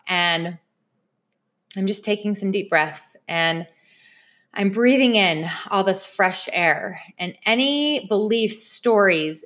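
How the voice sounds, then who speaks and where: A woman's voice: medium pitch, fairly bright tone. A young woman telling a personal story in a chatty way, speaking straight to her viewers. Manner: chatty, addresses viewers directly. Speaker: vlogger.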